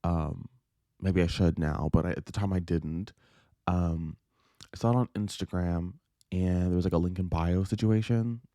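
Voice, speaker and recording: Animated, profane male book vlogger. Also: low-pitched, moderate pace, no room sound, studio quality. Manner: animated, profane storytelling with quoted voices. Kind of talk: casual book recap vlog.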